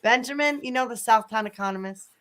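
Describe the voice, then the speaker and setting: A woman's voice: fairly high pitch, quick pace, a bit bright, slight background noise, low-quality recording. A woman from the Chicago area co-hosting a live stream panel, chatty, swearing and laughing often. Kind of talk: casual livestream chat.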